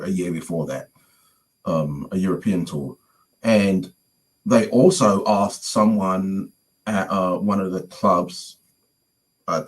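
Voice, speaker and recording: A guest musician from London, speaking with a London accent, tells a story in casual conversation and acts out the voices of the people involved, animated throughout. His voice is deep, and the recording is rough.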